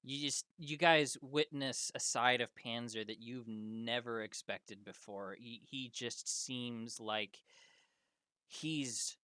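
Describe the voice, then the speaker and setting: A man runs a tabletop game as its narrator, taking his time over every description. His voice is bright and smooth. The sound is close and dry. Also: mid-range voice, dry recording. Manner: slow, drawn-out descriptive narration. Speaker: game master.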